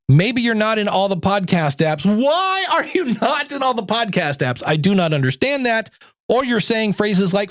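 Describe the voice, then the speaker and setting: A man hosting a solo podcast, giving advice in an animated, conversational way with playful asides. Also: on the high side, no echo, studio quality. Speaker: podcast host and coach.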